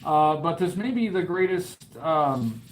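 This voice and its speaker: A man's voice: fairly high pitch, expressive, slow, slight background noise, poor audio. A man hosting a toy review channel chats casually on a live stream while he draws. He jokes in a mock-grand, bragging way and rambles with many fillers.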